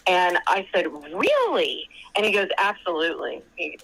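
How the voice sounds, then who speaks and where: A woman's voice: on the low side, fairly even intonation, fairly quick, gravelly, a bit bright, low-quality recording. A woman calling in to a show by phone, chatting and retelling a long conversation as she quotes others at length. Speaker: caller. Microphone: phone call.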